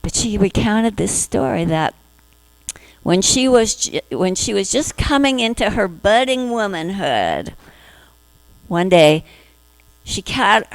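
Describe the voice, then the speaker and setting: A woman minister giving a spiritual talk to her congregation, gentle, acting out inner voices in little quoted asides. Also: medium pitch, dry recording, low-quality recording.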